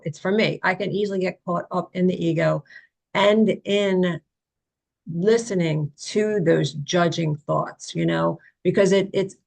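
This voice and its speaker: A woman's voice: on the low side, vocal fry. A woman sharing personal reflections in a casual, earnest way on a video call, with many "you know" fillers. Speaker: study group participant.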